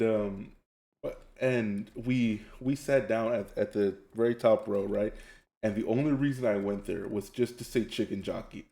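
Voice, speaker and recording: A man streaming live, telling stories in a loud, excitable way and laughing often as he reads chat. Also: fairly low pitch, reverberant. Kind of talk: casual storytelling while gaming on a live stream.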